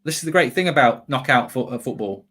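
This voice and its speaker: A man hosting a live football watchalong, chatting excitedly with frequent restarts. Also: mid-range voice, breathy edge. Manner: excitable, quick restarts and self-corrections. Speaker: host.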